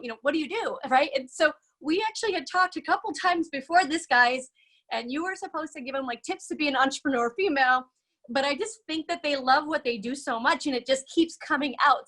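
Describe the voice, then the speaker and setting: A woman hosts an online event and chats casually with her audience. Her voice is a little high and upbeat, and she fills her pauses with plenty of ums. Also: sharp tone. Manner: chatty and upbeat, with many fillers. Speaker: event host.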